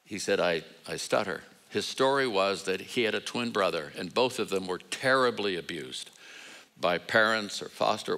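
A man's voice: fairly low pitch, a bit bright, rough recording. An older man delivering a sermon, telling stories in a conversational way and acting out the voices in quoted dialogue. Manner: conversational, acts out voices in quoted dialogue, self-deprecating humor. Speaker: guest preacher. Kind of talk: sermon with storytelling.

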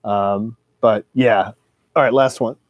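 A man in his forties with a fairly low, steady voice talks slowly through his record collection. It's a loose, wandering monologue packed with swearing and filler words. The recording sounds dry and muffled.

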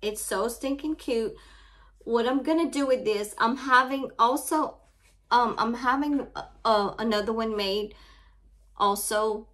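A woman with a Louisiana Southern accent hosting an unboxing vlog, her voice shaky as she holds back tears, talking softly and haltingly with many fillers. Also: medium pitch. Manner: soft, halting, full of fillers. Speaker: craft channel host.

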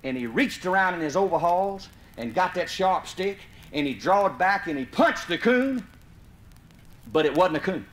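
A man's voice: high-pitched, animated, moderate pace. A man from Mississippi with a Southern US accent, telling a folksy comic story to a live audience and breaking into hollers. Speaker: comedic storyteller. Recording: vinyl live recording, roomy, faint hiss.

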